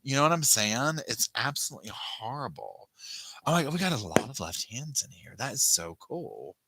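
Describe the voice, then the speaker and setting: A man's voice: mid-range voice, very animated, moderate pace, bright, forceful tone, slight background noise. A man hosting a casual live chat, rambling and restarting his sentences as he thanks viewers by name. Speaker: livestream host.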